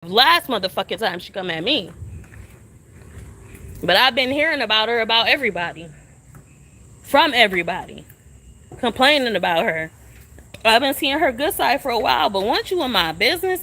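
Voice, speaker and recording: A woman's voice: on the high side, animated, normal speed, long pauses, pushed and bright. A young woman ranting on a phone live stream outdoors at a shelter, confrontational and profane, firing the same questions again and again. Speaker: livestreamer. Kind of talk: venting live-stream rant.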